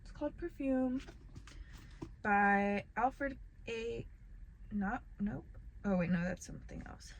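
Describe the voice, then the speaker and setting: A woman's voice: fairly high pitch, slow pace, gravelly, pauses often. A young woman vlogging from a parked car, chatting casually in a rambling, self-deprecating way with lots of fillers. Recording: loud car and traffic noise.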